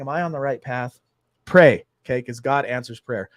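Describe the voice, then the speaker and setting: A man hosting a casual talk show, telling a story with lively acted-out dialogue. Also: mid-range voice, moderate pace, no echo, studio quality. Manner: animated storyteller acting out dialogue. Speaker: host.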